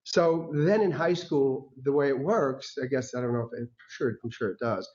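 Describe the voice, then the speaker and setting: Speaking as a guest, an American man tells personal stories with lively energy, acting out the voices of people he quotes and laughing often. His pitch is medium and his pace normal, captured on a dull lo-fi recording.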